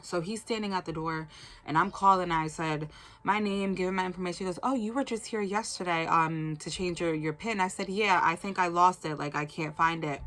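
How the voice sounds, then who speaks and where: A woman's voice: fairly low pitch, steady tone, a little fast, fairly bright tone. A young woman telling a personal faith testimony as a casual story, acting out the quotes and saying "like" a lot.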